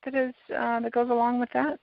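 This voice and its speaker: A woman hosting a podcast, calmly guiding a client through a tapping session step by step. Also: fairly high pitch, brisk, creaky, no echo. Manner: calm, coaching, gives step-by-step prompts. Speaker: tapping practitioner and podcast host. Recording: dull, lo-fi sound.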